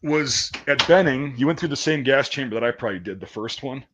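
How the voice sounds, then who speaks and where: Profane, animated storytelling man. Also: medium pitch, fairly quick, noisy background. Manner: profane, animated storyteller, acts out quoted voices. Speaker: podcast host. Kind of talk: casual chat, storytelling.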